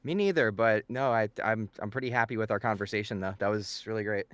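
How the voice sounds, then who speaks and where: A man playing a tabletop game on stream, reacting excitably and stammering as he talks. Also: on the low side, quick pace, clean tone, dry recording. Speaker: player. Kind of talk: casual tabletop game chat.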